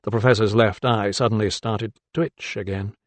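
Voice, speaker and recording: A man narrating an audiobook in a calm, even storytelling voice. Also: fairly low pitch, normal speed, dry recording. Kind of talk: scripted narration.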